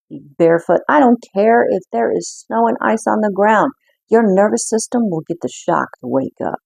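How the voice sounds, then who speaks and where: A woman giving an intuitive card reading in an earnest, reflective way, with frequent pauses. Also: lowish voice, gravelly, darkish tone, dry recording. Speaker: spiritual card reader.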